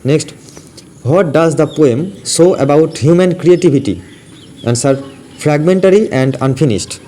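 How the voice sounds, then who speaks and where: A man's voice: on the high side, measured pace. Indian English man drilling quiz answers. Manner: drills in a steady question-then-answer rhythm, repeating each answer. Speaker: English teacher. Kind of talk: exam-prep question and answer lesson. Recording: faint background noise.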